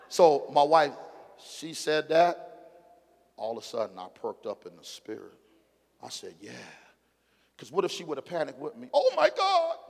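Male pastor, middle-aged, preaching, fairly high voice, long hall echo. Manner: preaching with call-and-response, surging from low asides to loud shouted emphasis. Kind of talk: sermon. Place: church sanctuary.

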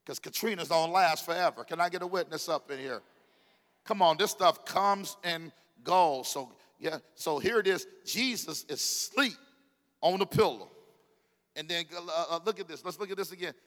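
A man giving a sermon as a pastor, preaching with call-and-response and sudden loud bursts. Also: on the high side, moderate pace, big-room sound.

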